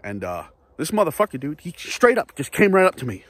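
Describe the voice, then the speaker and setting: A man's voice: a little high, sing-song, brisk, fairly bright tone, no room sound. A man ranting casually to camera in a vlog, profane, rambling and repetitive. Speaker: vlogger.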